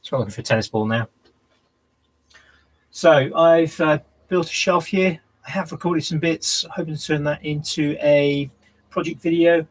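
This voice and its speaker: A man's voice: on the high side, normal speed, low-quality recording. A man live-streaming from his home workshop, chatting casually to viewers and thinking aloud between tasks. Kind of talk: casual chat while working.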